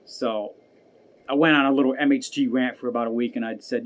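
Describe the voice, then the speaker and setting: A man's voice: medium pitch, fairly even intonation, brisk. A man vlogging an angry personal rant, profane and heated, repeating himself as he goes. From United States.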